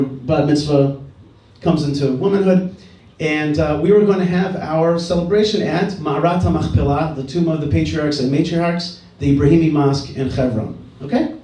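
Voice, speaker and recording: A man's voice: a little high, dark tone, distant mic. A middle-aged man giving an earnest talk at a gathering, telling a story and repeating his key phrases. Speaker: speaker at a dialogue gathering. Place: indoor event hall. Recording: roomy hall, speaker away from mic.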